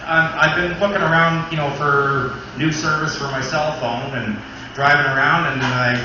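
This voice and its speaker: A man's voice: on the high side, steady tone, moderate pace, very echoey, recorded from a distance, muffled recording, noisy background. A man doing a stand-up comedy routine, saying "you know" often, recorded from afar in a small club. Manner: says "you know" a lot.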